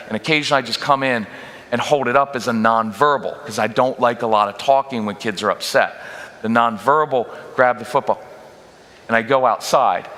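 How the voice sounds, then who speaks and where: A man speaks to a room of parents in a bright, forceful voice, joking his way through a workshop talk. He keeps switching into quick mock voices of nagging parents and sulky kids. His voice rings out with a long reverb in a large church hall. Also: mid-range voice. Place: church auditorium.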